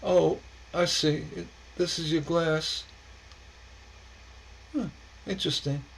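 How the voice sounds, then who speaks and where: A man's voice: a little high, steady tone, slow pace, creaky, a little hiss or hum, poor audio. A man hosting a casual stained glass livestream, rambling and chuckling as he reacts to viewers' posts, often stammering and repeating words.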